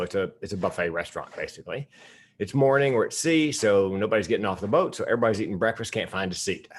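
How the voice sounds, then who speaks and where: An older man giving a humorous keynote speech, telling stories candidly with self-deprecating humor. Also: lowish voice. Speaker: keynote speaker.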